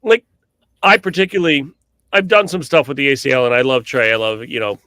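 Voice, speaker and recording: Chatty man telling animated stories. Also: mid-range voice, brisk, no room sound, clean studio sound. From New England, US. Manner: animated storyteller with frequent fillers and restarts. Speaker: cornhole podcast co-host and commentator. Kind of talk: casual podcast chat.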